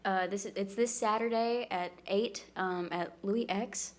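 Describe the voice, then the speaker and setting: A young adult woman, a guest musician, chatting and telling stories in a lively way, with plenty of fillers and restarts, at a live music venue. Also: mid-range voice, measured pace. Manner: animated, full of fillers and restarts. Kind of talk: casual chat and storytelling.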